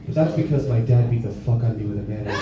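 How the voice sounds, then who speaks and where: A man's voice: mid-range voice, heavy reverb, heavy background noise. A young adult man doing a brash, profane stand-up set in a bar, recorded live from a distance. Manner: brash, profane, self-mocking. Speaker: stand-up comedian. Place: bar comedy stage with live audience.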